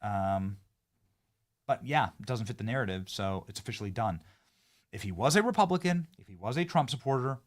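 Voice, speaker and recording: A man's voice: mid-range voice, lively intonation, a little fast. A man hosting a political commentary show, sarcastic and mocking as he reacts to clips. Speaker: host.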